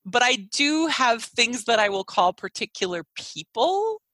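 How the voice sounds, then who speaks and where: A woman co-hosting a casual chat show, animated and quick to laugh, often restarting her sentences. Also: fairly high pitch, no echo, low-quality recording. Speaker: podcast co-host.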